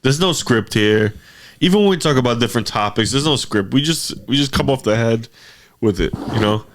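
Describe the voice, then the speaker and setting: A man's voice: medium pitch, animated, fairly quick, slight background noise. A young man, co-hosting a podcast in a laid-back, swearing manner, often agreeing with "yeah". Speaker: podcast co-host. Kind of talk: casual chat.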